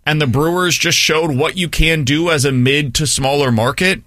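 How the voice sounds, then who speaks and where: Host radio olahraga pria, suara cerah dan kering. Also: male voice, on the high side, moderate pace, no room sound, studio quality. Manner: opinionated, thinks out loud. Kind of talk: sports talk radio.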